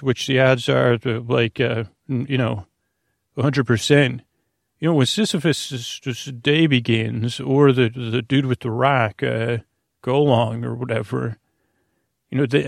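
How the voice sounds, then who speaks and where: A man hosts a bedtime podcast in a slow, wandering ramble, piling up filler words and false starts as he chats with an imaginary listener. His voice sits at an ordinary pitch with a rough, gravelly edge. The recording is dry and close. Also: no echo. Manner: meandering, full of filler words and restarts; silly, speaking to an imaginary listener. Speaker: podcast host.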